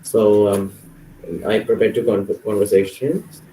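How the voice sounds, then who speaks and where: Hesitant Indian English male student, low and mellow. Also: fairly even intonation, measured pace, a little hiss or hum, low-quality recording. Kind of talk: presenting classwork.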